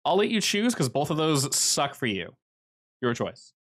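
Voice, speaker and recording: A man's voice: on the high side, very animated, unhurried, a bit bright. A man running a tabletop game as game master, telling the scenes in a casual, vivid way with many fillers.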